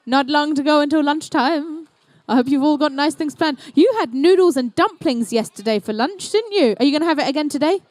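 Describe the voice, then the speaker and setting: A woman's voice: high-pitched, brisk, few pauses, a little mellow, dry recording. A young woman doing live, playful, chatty commentary at an indoor competition. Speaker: event commentator.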